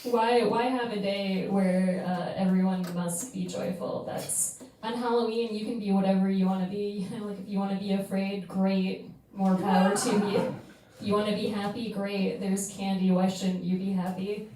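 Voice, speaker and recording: A woman's voice: mid-range voice, little pitch movement, normal speed, mellow, a little hiss or hum. A woman doing a stand-up debate, hesitant and giggly, full of fillers. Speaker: comedian debater. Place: comedy club stage. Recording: echoey room, far from mic.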